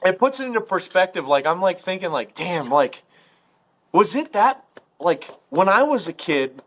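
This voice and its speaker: Ohio man, casual podcast guest, animated storyteller, slightly high voice. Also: normal speed. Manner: animated, laughing, swearing, heavy on "like".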